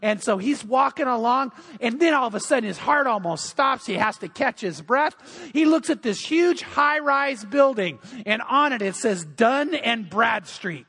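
A man's voice: very high voice, lively intonation, normal speed, hardly any pauses, sharp tone, husky. A man preaching a sermon as pastor in a church, telling humorous stories. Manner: humorous storytelling.

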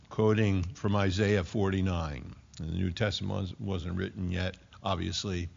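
In a church, a pastor delivers an emphatic expository sermon, slipping folksy asides between scripture readings. His low voice is a little mellow with vocal fry, fairly even intonation, and a moderate pace, and the lo-fi recording sounds dull.

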